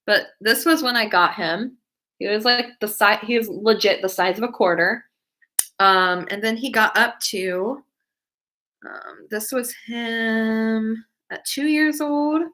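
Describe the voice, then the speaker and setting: A woman's voice: fairly high pitch, slow pace, bright, forceful tone. A young woman hosting a casual live stream, chatting in a rambling way full of "like" and "um" and reacting to viewer comments. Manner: rambling, heavy use of "like" and "um".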